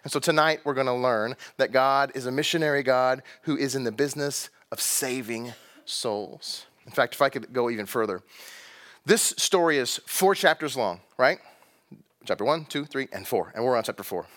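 Pastor preaching in slow, emphatic phrases. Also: male voice, medium pitch, a bit bright. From Texas. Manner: conversational preaching, slow emphatic phrases, rhetorical questions to the congregation. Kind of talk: sermon.

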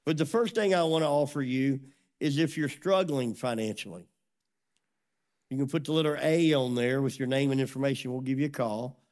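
A middle-aged man preaching a sermon as a pastor, telling a story with lively acted-out dialogue. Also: mid-range voice, fairly quick. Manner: animated storytelling, acts out dialogue.

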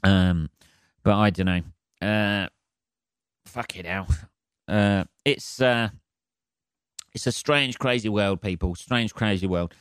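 A man's voice: lowish voice, takes it slowly, pauses often, fairly bright tone, smooth, no echo, studio quality. A man hosting a solo podcast, ranting in a sweary, rambling way. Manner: sweary, rambling, laughing asides. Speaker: podcast host. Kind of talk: solo comedic rant.

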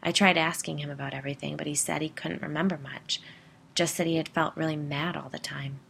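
Woman reads grown man, hushed half-whisper, low gravelly tone, storytelling. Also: steady tone, a little fast, slight background noise, exaggerated voice. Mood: solemn. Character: grown man recalling childhood haunting. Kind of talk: storytelling narration.

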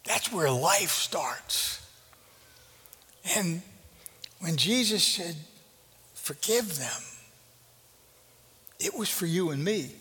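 A man preaching a sermon as pastor, conversational and earnest, dropping to a hushed intensity. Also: sits high, animated, drawn-out words, long pauses, slightly rough. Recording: reverberant hall.

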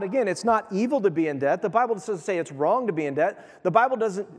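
A man preaching a sermon as pastor, in a lively, conversational way, acting out the voices of the people he quotes. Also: high-pitched. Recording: long hall reverb.

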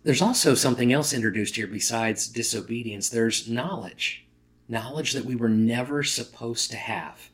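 A male pastor giving a conversational, emphatic sermon, often restarting phrases. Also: on the low side.

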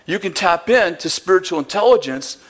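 A man's voice: sits high, animated, fairly quick. A man preaching a sermon, telling a story with acted-out dialogue and bursts of laughter. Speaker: pastor.

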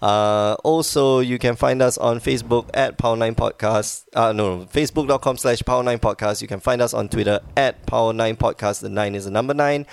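A man's voice: medium pitch, brisk, vocal fry, hardly any pauses, smooth. A man hosting a podcast in casual chat, rambling and laughing easily, with a wheezy cough. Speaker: podcast host.

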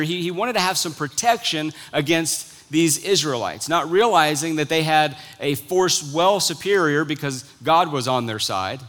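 High-voiced preacher telling a story. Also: male voice, lively intonation, a little slow, few pauses, a bit bright. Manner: storytelling, earnest, exhorting. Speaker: pastor. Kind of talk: sermon.

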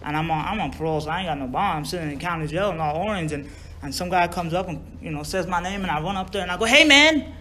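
Man, rambling storyteller, swears a lot, lots of uhs, slightly high voice, faint background noise. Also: rapid-fire. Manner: rambling and profane, full of fillers and chuckles. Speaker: speaker sharing a recovery story. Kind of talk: casual personal storytelling.

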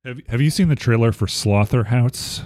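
A podcast host chats casually in a mid-range, slightly mellow voice at a normal speed. His talk rambles, turns playful, and corrects itself as he goes. The recording is dry and studio quality.

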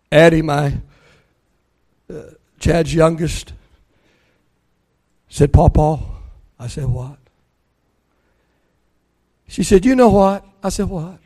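An older pastor with a high voice preaches a sermon slowly, with long pauses. He tells family stories, acting out the dialogue with rising excitement.

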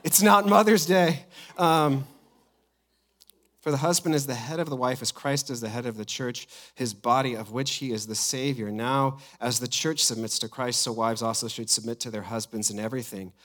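Pastor guy giving a sermon, mid-pitched, tells a story and acts out what people said. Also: normal speed. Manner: personal storytelling, animated, quoting others.

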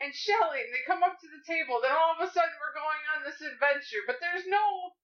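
A woman's voice: high voice, brisk, a bit bright, muffled recording. A woman chatting about a movie with her husband, ranting and laughing in exasperation. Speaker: movie reviewer, co-host with husband. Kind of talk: casual movie review chat.

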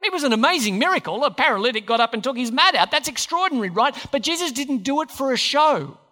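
Very high-pitched, sing-song, fast, and pushed and bright, a pastor preaches conversationally in a church hall and quizzes his congregation with questions, with the hall's reverb audible.

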